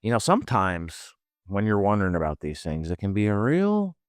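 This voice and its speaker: A podcast co-host with a Philadelphia accent, talking in a lowish voice that swings up and down a lot as he rambles crudely. The sound is dry and close to the mic. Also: huge pitch swings, moderate pace, dry recording. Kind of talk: casual profane banter.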